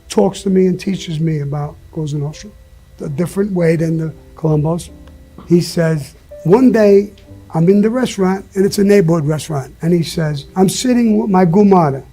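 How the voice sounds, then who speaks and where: A man being interviewed tells blunt, profane stories at a moderate pace, swearing often, leaning hard on emphasis and laughing now and then mid-story. His voice is fairly high, dark in tone and slightly rough, with soft music in the background.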